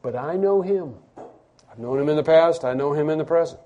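A man preaching a sermon as pastor, emphatic, repeating phrases and rising to loud stresses. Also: on the high side, brisk, highs cut off.

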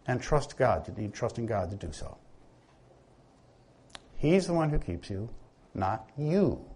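A man preaching a sermon, talking it through like a teacher and turning questions back on his listeners. His voice is slightly husky, and his pitch swings up and down with a lot of movement. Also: a little mellow.

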